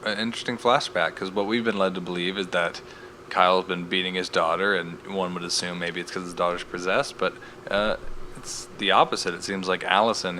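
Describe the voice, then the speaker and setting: A man's voice: low-pitched, bright, forceful tone, slight background noise. A man co-hosting a podcast, recapping a TV episode in casual chat with wry, joking asides. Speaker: podcast co-host.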